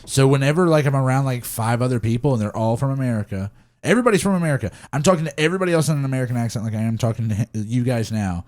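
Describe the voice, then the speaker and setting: A man's voice: medium pitch, racing, a little mellow. A young man co-hosting a podcast, rambling in casual chat, swearing freely and laughing often. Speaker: podcast co-host.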